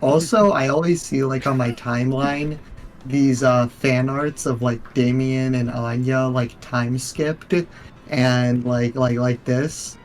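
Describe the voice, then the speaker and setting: A man co-hosting a podcast, talking casually and haltingly with many restarts. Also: mid-range voice, fairly even intonation, a little hiss or hum. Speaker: podcast co-host. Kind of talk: casual chat.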